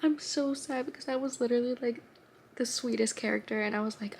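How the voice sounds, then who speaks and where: This twenty-something woman talks about books in a casual vlog, filling her speech with fillers and sometimes slipping into a whisper. She speaks briskly in a voice on the high side, a little mellow, with fairly even intonation. Faint hiss or hum is audible.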